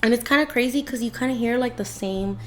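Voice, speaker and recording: A woman's voice: a little high, fast, a bit bright. A young woman co-hosting a podcast in casual chat, talking chattily with lots of fillers. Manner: chatty, many "like"s, emotional retelling. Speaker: podcast co-host.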